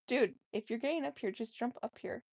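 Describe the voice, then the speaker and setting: At home, a woman vlogger coaxes her cats onto the bed with giggly baby talk, chatting casually to her pets. Her voice is a little high, a little fast, gravelly and darkish in tone. The recording is studio quality with no room sound.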